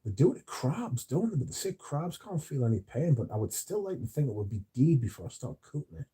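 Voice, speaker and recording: A man's voice: mid-range voice, big pitch swings, fairly quick, mellow, breathy edge. A man, hosting a livestream and chatting casually with his chat in a drowsy, rambling way. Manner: drowsy, yawning, mumbles at times. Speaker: livestream host reading chat.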